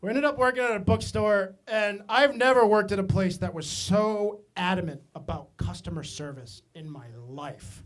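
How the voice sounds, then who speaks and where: High-voiced stand-up comic from Maine. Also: male voice, moderate pace, hardly any pauses. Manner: animated, self-mocking, frequent asides to the audience. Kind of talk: stand-up comedy storytelling.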